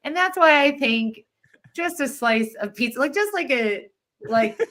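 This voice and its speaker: A woman's voice: sits high, lively intonation, measured pace, fairly bright tone. Upbeat woman hosting a podcast. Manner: giggly, playful. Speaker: podcast host. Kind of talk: casual chat.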